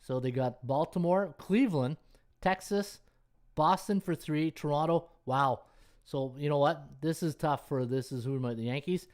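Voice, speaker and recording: A man's voice: fairly high pitch, moderate pace, darkish tone. A man hosting a sports betting podcast, rambling casually as he thinks aloud, checks schedules on screen and talks to his chat viewers. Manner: many fillers and restarts, checks schedules on screen. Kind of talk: casual live-stream chat.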